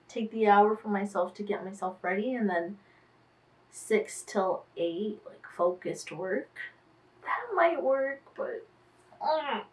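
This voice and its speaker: A woman's voice: mid-range voice, recorded from a distance, low-quality recording. A tired woman managing artists talks through her week in a casual diary vlog, sighing and trailing off as she thinks aloud.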